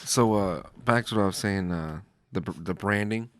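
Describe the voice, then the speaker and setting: Brief: co-host, man with a lowish voice, crude joking asides. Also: normal speed, a bit bright, no room sound. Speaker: podcast co-host. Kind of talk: casual chat.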